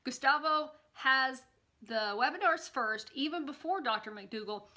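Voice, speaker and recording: A woman's voice: sits high, expressive, a little slow, sharp tone. A woman vlogger, reading viewer comments aloud in a bubbly, gushing way and chatting casually to camera. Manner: bubbly and gushing, gasps and coos.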